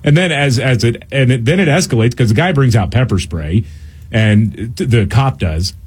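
A man's voice: medium pitch, animated, normal speed, husky. A man in his thirties hosting a podcast, telling stories casually and laughing often. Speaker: podcast host. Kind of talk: casual commentary.

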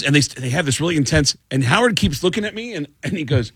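Husky guy, dry close mic, chatty story mode, acts out bits. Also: a little high, fast talker, no echo. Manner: animated storyteller, does voices. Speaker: podcast host. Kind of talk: casual chat.

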